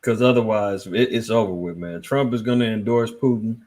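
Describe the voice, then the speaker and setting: A man's voice: moderate pace, darkish tone, lightly acted. A man doing a mocking impression of a nervous, cornered male president, with hesitant, stammering lines. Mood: panicky. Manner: hesitant, stammering, mumbling low.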